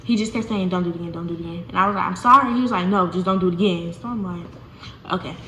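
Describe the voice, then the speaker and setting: A young woman telling a casual storytime to her viewers, animated and chatty, often calling them y'all. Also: lowish voice, very fast. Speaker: vlogger. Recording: echoey room with faint noise.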